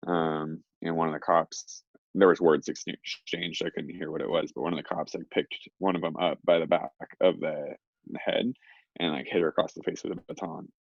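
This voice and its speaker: A young man with a low voice and a gravelly, creaky edge tells a story in a loose, rambling way, filling gaps with "like" and "um". The recording is dry and a little dull and lo-fi. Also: flat delivery, normal speed, no echo. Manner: rambling, heavy on fillers. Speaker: interview guest. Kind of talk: casual storytelling.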